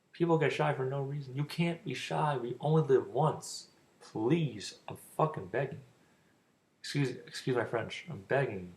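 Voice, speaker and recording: Rambling young man with a gravelly voice. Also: mid-range voice. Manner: rambling, stuttering, loose and informal. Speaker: vlogger giving dating advice. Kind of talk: casual rambling monologue.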